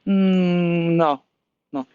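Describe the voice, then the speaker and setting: A man puts on a curt, uninterested old gray monkey, high and clipped, brushing off every question. The voice sits well above a normal man's talk and is heard dull and flat through a muffled recording. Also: very slow, smooth, dry recording. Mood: mocking. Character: grumpy little old gray male monkey.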